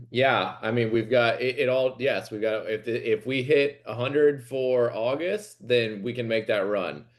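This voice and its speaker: A man's voice: medium pitch, measured pace. Brief: plain matter-of-fact man, casual call. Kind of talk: casual chat.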